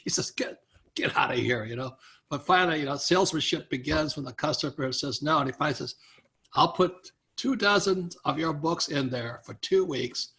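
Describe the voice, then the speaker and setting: An older man, a guest author in an interview, telling stories in an animated way and acting out what other people said. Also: fairly high pitch, a little fast. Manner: animated storyteller, acts out quoted people, chuckles often. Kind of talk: storytelling in a conversational interview.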